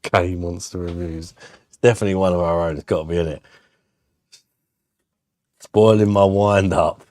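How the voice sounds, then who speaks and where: A man chats on a live stream, trading crude jokes and banter with his viewers. His voice sits low. The sound is close and dry, with no room around it. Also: fairly even intonation, moderate pace, pauses often, darkish tone, no room sound. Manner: banter-heavy, jokey and crude.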